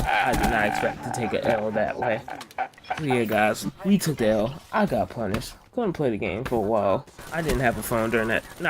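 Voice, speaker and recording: Male vlogger, mid-pitched, very animated storyteller, slangy and casual. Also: heavy background noise. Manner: animated, slang-heavy, voice leaps high when excited.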